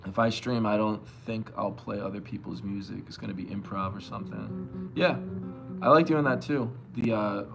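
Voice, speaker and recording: A young man from Long Island streaming live as a bass player, loosely reading chat and answering with plenty of swearing. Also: moderate pace, creaky, music in the background. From Long Island, New York. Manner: loose and profane, reads chat aloud and answers.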